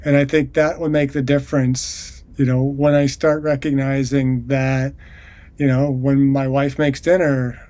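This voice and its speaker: A man's voice: mid-range voice, level tone, a little slow, mellow. A man hosting an interview podcast, asking questions in a thoughtful way, often hedging with filler phrases. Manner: thoughtful, hedging with "you know". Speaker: podcast host.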